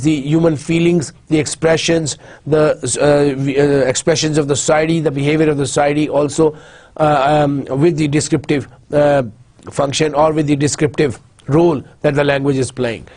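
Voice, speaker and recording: A male university lecturer who reads each point aloud, then restates it slowly with frequent restarts. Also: a little high, a little mellow. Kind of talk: recorded linguistics lecture.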